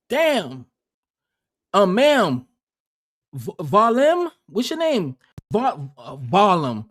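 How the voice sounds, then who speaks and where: A man's voice: high-pitched, wildly swooping pitch, a little slow, a bit bright. A man hosting a livestream, rambling and joking in crude, profane casual banter. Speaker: livestream host.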